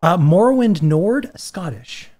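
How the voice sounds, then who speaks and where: A woman's voice: on the low side, lively intonation, takes it slowly, dark tone. A woman hosting a casual livestream podcast, reading out prompts and cheering her guests on. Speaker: podcast host.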